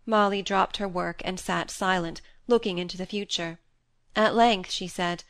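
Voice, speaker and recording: A woman reading a novel aloud in a steady, measured narration. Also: lowish voice, dry recording. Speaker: audiobook reader. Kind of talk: scripted narration.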